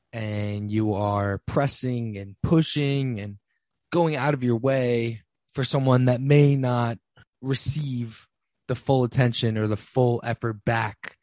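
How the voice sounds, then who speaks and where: A man's voice: mid-range voice, a little mellow, no echo. A young man in his twenties hosting a casual solo podcast, talking with many ums and restarts. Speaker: podcast host.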